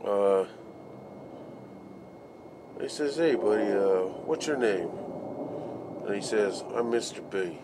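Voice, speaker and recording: A man's voice: lowish voice, expressive, takes it slowly, long pauses, heavy background noise. A man, a construction worker, telling a story to his video audience in a casual, laughing way, swearing freely and acting out the voices of the people he quotes.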